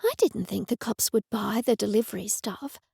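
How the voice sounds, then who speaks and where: A woman voicing a stressed middle-aged waitress who talks in a hushed, confiding way. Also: medium pitch, normal speed, vocal fry, slightly rough, no echo, clean studio sound, heavily acted.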